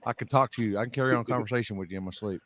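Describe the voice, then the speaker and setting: A man's voice: medium pitch, rapid-fire, a bit bright. A man in casual podcast chat, telling rambling stories and swearing freely.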